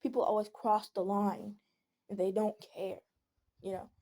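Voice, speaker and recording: In a casual venting video, a teenage girl vlogger speaks at a measured pace with a medium-pitched, flat delivery. Her tone stays warm and mellow rather than bright, and her earnest rambling frequently drifts into gentle pleading.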